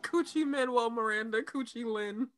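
A woman in casual chat with friends, playing a rhyming word game, playful and quick to laugh. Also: a little high, fairly bright tone.

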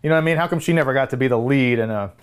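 A podcast co-host shares strong, emphatic opinions in casual chat about a film. The voice sits in a mid-range pitch. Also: rapid-fire, smooth. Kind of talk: casual movie-discussion chat.

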